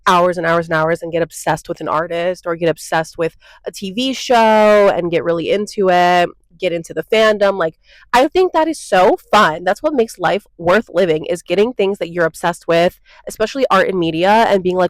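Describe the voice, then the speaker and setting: A woman's voice: lowish voice, normal speed, no echo, rough recording. A young woman ranting bluntly into her phone for a casual opinion vlog, peppering her talk with "like" and "okay?". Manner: blunt and exasperated, lots of "like" and "okay?". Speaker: vlogger. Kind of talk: casual opinion rant to camera.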